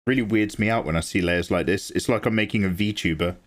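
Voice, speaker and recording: A man chatting casually with viewers while he draws on a livestream, getting excited, swearing freely and thanking people by name. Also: fairly low pitch, fast. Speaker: livestreaming artist.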